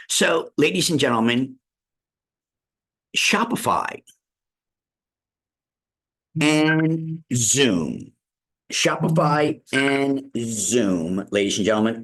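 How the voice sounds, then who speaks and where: A man teaching a live online business class, folksy and repetitive, asking "all right?" often. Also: medium pitch. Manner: folksy, repeats "all right?" and "ladies and gentlemen". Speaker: real estate school instructor. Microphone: video call.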